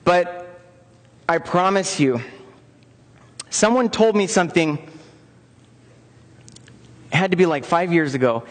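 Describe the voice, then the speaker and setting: A man with a rather high voice leads an interactive lecture for personal trainers. He talks in an upbeat way and keeps coaxing the audience to take part. His voice rings out with the long reverb of a large conference hall. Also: expressive, slow pace, long pauses. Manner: upbeat, coaxes the audience into joining in.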